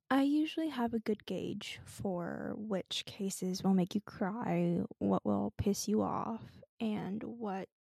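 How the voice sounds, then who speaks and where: A woman co-hosting a podcast, talking in a measured, reflective and gently comforting way. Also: mid-range voice, creaky, no echo, studio quality. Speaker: podcast co-host. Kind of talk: casual chat.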